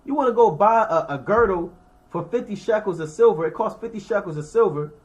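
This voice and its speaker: The recording is muffled, capturing a man with a high-pitched, expressive voice speaking fairly quickly. He reads scripture verses and then explains them through everyday examples in slangy, conversational language, checking in with his listeners.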